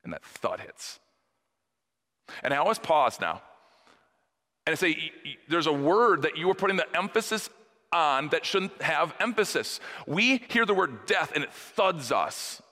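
A man, a pastor, preaching an earnest funeral-themed sermon that swings between soft, slow passages and emphatic rises. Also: on the high side, big pitch swings. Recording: long hall reverb.

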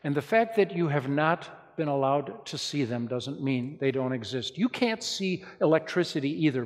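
A male pastor preaching a sermon, telling stories in a lively way and speaking straight to his congregation. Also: on the high side. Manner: lively storytelling preacher, addresses the congregation directly. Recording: long reverb of a large hall.

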